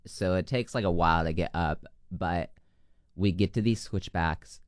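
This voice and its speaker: A young man with a very deep, smooth voice tells a long story from his camp counselor days. His speech rambles and leans heavily on "like" and "um". The sound is dry and close. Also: moderate pace, dry recording. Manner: rambling, heavy use of "like" and "um". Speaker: guest, former camp counselor. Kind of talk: casual storytelling.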